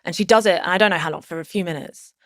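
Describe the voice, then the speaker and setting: A woman's voice: fairly low pitch, very fast, no room sound, studio quality. A woman talking as a podcast guest, telling a personal story casually and rambling with lots of "like" fillers and restarts.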